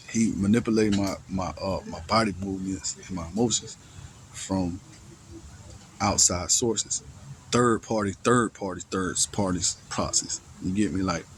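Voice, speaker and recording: A man with a fairly low voice tells a long personal story in loose, profane street slang. He restarts his sentences often and keeps checking in with his listener. Faint noise sits behind his voice. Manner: rambling, with many restarts and repeated words. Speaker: storyteller recounting a personal ordeal. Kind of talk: casual first-person storytelling.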